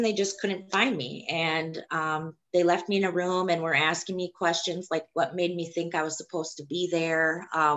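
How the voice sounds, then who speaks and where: A young woman with a low, deep-set voice recounts her own experience. She speaks haltingly and hesitantly, in the plain way of a personal testimony. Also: fairly bright tone. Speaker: woman sharing her childbirth story.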